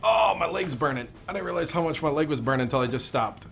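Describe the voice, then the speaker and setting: A man's voice: on the high side, lively intonation, quick pace, vocal fry, fairly bright tone, soft background music. A young man giving casual, joking commentary while playing a game, talking to himself. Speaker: gaming YouTuber.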